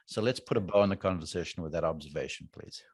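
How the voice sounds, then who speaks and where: A man with a very deep voice hosts a golf podcast interview, recorded dry and close. He moves the conversation along with short prompts and quick summaries. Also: husky, no room sound. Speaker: host and golf broadcaster.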